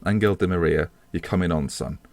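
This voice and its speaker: Deep-voiced man commentating a game. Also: brisk, darkish tone, dry recording. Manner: chatty, self-mocking, swears when frustrated. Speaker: gaming video host.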